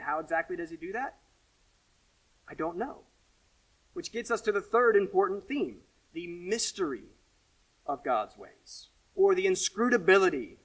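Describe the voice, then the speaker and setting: A high-voiced man preaching a sermon, earnest and searching. He swings from forceful questions down to hushed, quiet asides. The voice sounds a little distant from the mic, as in a church. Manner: earnest, rises to emphatic questions then drops to quiet asides. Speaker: pastor.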